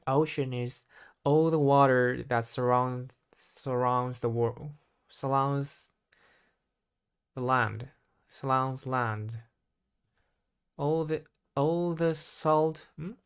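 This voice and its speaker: A man practicing vocabulary on his own, thinking aloud in a hesitant, halting way and correcting himself as he goes. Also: medium pitch, fairly even intonation, clear, resonant tone. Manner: hesitant, halting, constantly restarting and self-correcting. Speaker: English learner.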